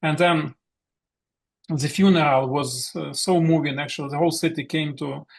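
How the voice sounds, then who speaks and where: A middle-aged man from Ukraine with a Ukrainian accent, speaking haltingly over a video call as a guest theologian. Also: fairly high pitch, fairly even intonation, vocal fry. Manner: halting, searching for words. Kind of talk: online meeting talk.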